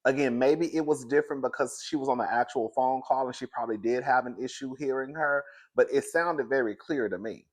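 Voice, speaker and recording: A man hosting a casual pop-culture commentary show, animated and dramatic, calling everyone "girl" and laughing often. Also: mid-range voice, brisk, hardly any pauses.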